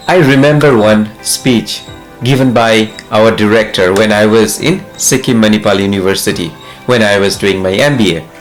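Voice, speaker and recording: A man from India talking earnestly as an English tutor, giving step-by-step advice straight to the listener. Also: mid-range voice. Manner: earnest, advising the listener directly. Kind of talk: instructional talk to camera.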